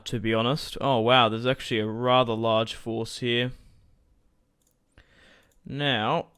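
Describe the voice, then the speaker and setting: A man's voice: medium pitch, a bit bright, clear, resonant tone. A man hosting a gaming channel, casually talking through his strategy game as he plays, thinking aloud with asides to viewers. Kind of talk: casual gameplay commentary.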